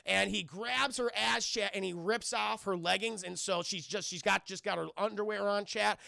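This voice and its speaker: A young man casually recapping a film scene by scene for a live chat. He is animated and profane, keeps addressing the chat and thanks viewers for donations. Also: high voice, normal speed, creaky, no echo, clean studio sound. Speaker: film reviewer streaming live.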